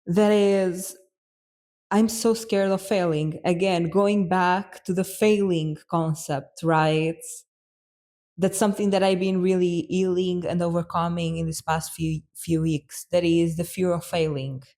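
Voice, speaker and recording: Young woman, podcast host, earnest reflective storytelling, lowish voice, lots of fillers. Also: fairly even intonation, unhurried, warm tone. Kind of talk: personal storytelling monologue.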